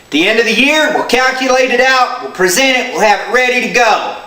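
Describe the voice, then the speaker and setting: A man with a very high, bright voice clowns through a homemade how-to, full of folksy country slang and hammy yelps. The sound is echoey, like a home video shot by a truck. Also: expressive, brisk. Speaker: comic tire-check demonstrator. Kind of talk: goofy comedic how-to video.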